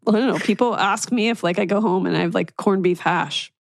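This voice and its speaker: A woman's voice: medium pitch, brisk, gravelly, no echo, clean studio sound. Chatty woman host from Pennsylvania. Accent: Philadelphia area. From Chester County, Pennsylvania. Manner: chatty, laughs often. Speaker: podcast host. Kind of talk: casual chat.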